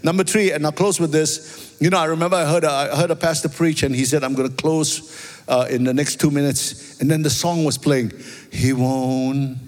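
A pastor with a Singaporean accent, preaching a sermon and telling stories, often asking "amen?" and "right?". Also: male voice, on the high side, brisk. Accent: Singaporean English. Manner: storytelling, animated, repeats phrases, asks "amen?" and "right?". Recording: long reverb of a large hall.

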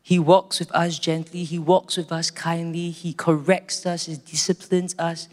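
A man with a Singaporean accent preaching a storytelling sermon, earnest and slowing down for emphasis. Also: on the high side, level tone, darkish tone. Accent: Singaporean English. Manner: earnest, slows down for emphasis, many restarts. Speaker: pastor. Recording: reverberant hall, faint music.

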